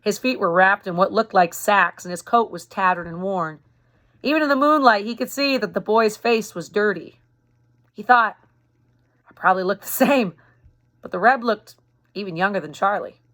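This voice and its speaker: A woman's voice: mid-range voice, moderate pace, a bit bright. Woman reading a novel aloud, chatty asides. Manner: chatty, explains and rereads slips. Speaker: reader for a youth club.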